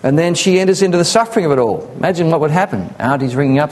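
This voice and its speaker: A man's voice: a little high, lively intonation, rapid-fire, a little mellow. A man preaching a sermon in an earnest, conversational way, sometimes acting out the voices of people he quotes. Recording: echoey hall.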